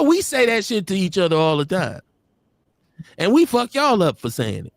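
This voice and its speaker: A man's voice: sits high, wildly swooping pitch, moderate pace, dry recording. A man co-hosting a live-stream talk show, talking casually with a blunt, profane, laughing manner. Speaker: podcast co-host. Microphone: streaming call.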